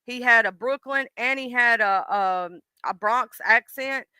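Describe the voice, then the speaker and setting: Southern lady chatting on her stream, folksy, talks to chat by name, smooth bright voice. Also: fairly high pitch, measured pace, dry recording. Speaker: livestream host. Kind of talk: casual chat reading viewer comments.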